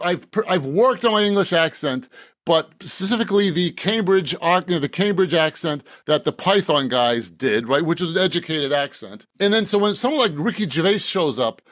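A man's voice: a little high, a bit bright, no echo, studio quality. A man, an author from Boston, talking in a casual podcast interview, rambling with many restarts and frequent laughs. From Boston, Massachusetts. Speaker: author guest.

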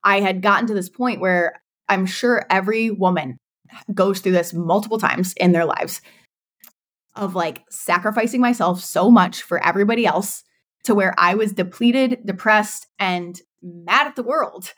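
A woman's voice: mid-range voice, normal speed, a bit bright. A woman in her thirties, a guest on a podcast, talking candidly about her business and laughing often. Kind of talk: casual interview chat.

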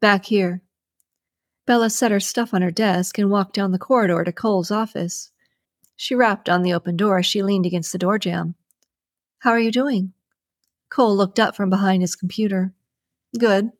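A woman's voice: medium pitch, fairly even intonation, a little fast, dry recording. Woman narrating a romance, dry sound. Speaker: audiobook narrator.

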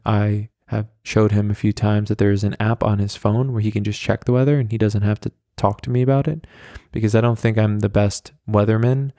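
A man hosting a solo podcast, telling rambling, self-deprecating stories in his flat with many fillers, carrying a handheld mic around as he walks. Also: fairly low pitch, no echo, clean studio sound. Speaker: podcast host. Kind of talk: casual solo storytelling. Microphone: handheld mic carried around.

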